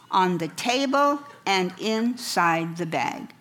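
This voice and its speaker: A middle-aged woman speaks in an unhurried, measured way, telling stories from her life and her counseling work. Her delivery is wry and gently humorous, with a mid-range voice. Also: mid-range voice, lively intonation. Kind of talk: storytelling talk.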